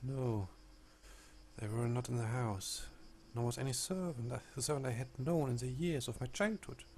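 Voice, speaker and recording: A man voicing a composed Victorian woman who survived an ordeal and calmly recounts it in a game read aloud. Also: medium pitch, slight background noise, natural voice. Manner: proud, measured storytelling.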